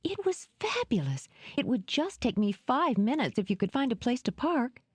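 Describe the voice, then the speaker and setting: A woman's voice: mid-range voice, big pitch swings, normal speed, warm tone, no room sound, pitched above the performer's own voice. A woman reading an audiobook, voicing a playful young woman who talks in an eager, teasing way.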